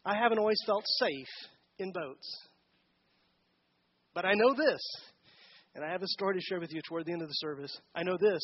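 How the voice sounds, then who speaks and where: A man's voice: sits high, normal speed, pauses often, muffled recording. A man giving a conversational sermon as a pastor, asking the congregation questions during a church service.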